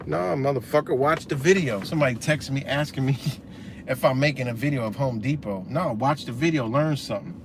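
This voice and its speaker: A man's voice: mid-range voice, a little fast, noisy background. A man hosting a casual livestream, ranting with lots of profanity and answering viewer comments. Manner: profane, animated, talks back to comments. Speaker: livestream host.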